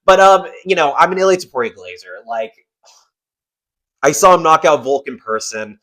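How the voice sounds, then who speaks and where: Rambling, swearing guy with a higher voice. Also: animated, normal speed, bright, forceful tone, rough recording. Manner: rambling, swears a lot, says "man" and "like" often. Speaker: MMA YouTuber. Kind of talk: casual ranking commentary.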